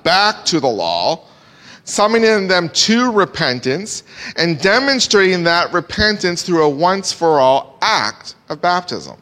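A man preaching an expository sermon, swinging his voice up and down for emphasis. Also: a little high. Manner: animated, rises and drops sharply for emphasis. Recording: long hall reverb.

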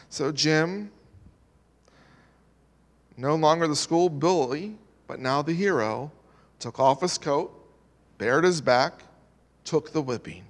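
A man's voice: fairly high pitch, lively intonation, takes it slowly, pauses often. A male preacher telling a story in a sermon, earnest and dramatic. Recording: long hall reverb.

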